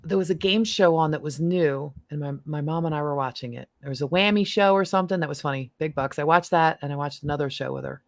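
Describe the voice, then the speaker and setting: A middle-aged woman with a lowish voice hosts a casual livestream chat. She talks freely and breaks into snippets of song. The sound is dry and close, with no room around it. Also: quick pace, hardly any pauses, no room sound. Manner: chatty, bursts into snippets of song. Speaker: livestream host.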